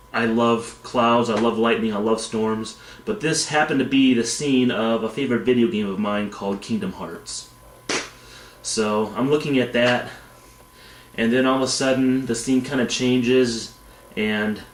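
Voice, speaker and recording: A man casually retelling a long dream in a rambling, tangential way from a dim room, speaking as a vlogger. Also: medium pitch. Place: dim indoor room, backlit. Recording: echoey room.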